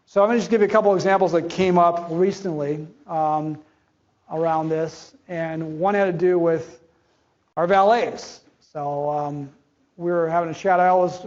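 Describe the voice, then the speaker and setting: A middle-aged man gives a conversational conference presentation, acting out quoted dialogue as he goes. His voice is fairly high and darkish, with fairly even intonation at a normal speed. The audio is dull and lo-fi.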